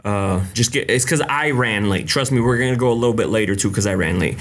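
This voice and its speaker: A young man hosting a casual livestream, greeting viewers by name with lots of fillers and quick Spanish greetings. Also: on the low side, a bit bright. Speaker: livestream host.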